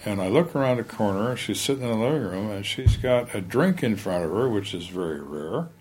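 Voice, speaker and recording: Casting: older man, very deep voice, blunt, wry ex-detective telling stories, faint noise behind. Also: lively intonation, brisk, a little mellow. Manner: blunt, plain-spoken, wry. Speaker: retired homicide lieutenant, guest. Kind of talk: candid storytelling interview.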